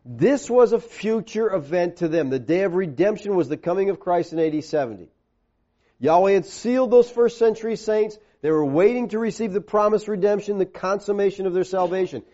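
A male preacher with a high but mellow, dark-toned voice delivers an emphatic sermon, pressing on key words. He quotes scripture in a lower, slower voice. The recording is dull and lo-fi.

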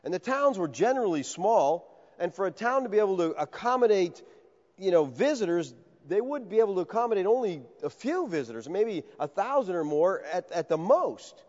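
A high-voiced, lively man preaching a conversational sermon and slipping into the voices of the people he quotes. His voice swings widely in pitch. The sound is a little dull, with a long reverb from a large hall. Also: a little fast. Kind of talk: expository sermon.

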